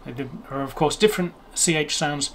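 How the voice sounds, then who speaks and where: With slight background noise behind him, a young language video host with a fairly high voice explains pronunciation in a chatty, self-deprecating way. He demonstrates the difficult words slowly and deliberately before continuing his easygoing talk.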